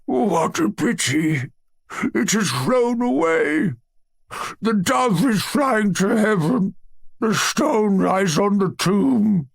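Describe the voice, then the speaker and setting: Guy doing a wailing old holy fool, high and sloooow, husky, kinda eerie. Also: expressive, no room sound, full character voice. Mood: lamenting. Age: 60s. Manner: slow, wailing, high-pitched muttering.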